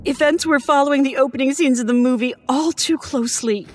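A woman narrating a first-person horror story in an expressive, measured storytelling manner. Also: high-pitched, slight background noise.

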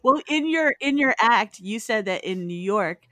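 A woman hosting a casual interview chat, talking in an unhurried, dry way and listening encouragingly. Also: on the high side, expressive, fairly bright tone, no room sound. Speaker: host.

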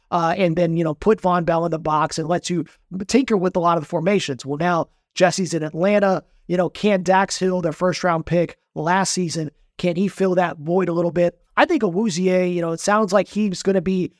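A man talking sports as a reporter on a podcast, telling stories in a lively, animated way. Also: high-pitched, no room sound, clean studio sound. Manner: animated storyteller, quick and bright. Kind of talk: casual podcast chat.

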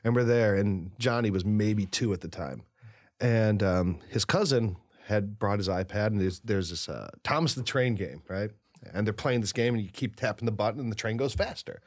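A man hosting a podcast in casual chat, telling stories in an animated way and laughing often. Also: on the low side, moderate pace. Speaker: podcast host.

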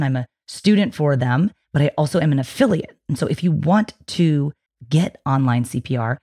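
A woman's voice: a little mellow, slightly rough. A woman hosting a podcast, chatting in a reassuring, explanatory way about feeding babies. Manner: chatty and reassuring, slips into a high sing-song baby voice for quotes. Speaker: podcast host, feeding specialist. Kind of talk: casual explanatory podcast talk.

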